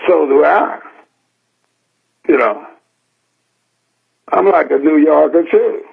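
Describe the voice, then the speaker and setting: An older man from San Francisco preaches in a folksy, emphatic style, hammering his points home through plain repetition. His voice is gravelly and husky, slightly raised in pitch, and he takes his time with each phrase. It all comes through a thin, tinny radio broadcast that sounds like a phone line. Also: animated, slow. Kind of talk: sermon.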